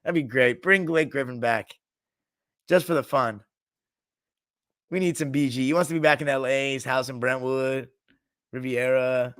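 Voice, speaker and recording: At a normal pace with frequent pauses, a podcast host with a clear, resonant, somewhat bright mid-range voice talks basketball and responds to his live chat. He keeps it loose and funny, swearing freely and mimicking coaches, and the sound is dry and close without any room.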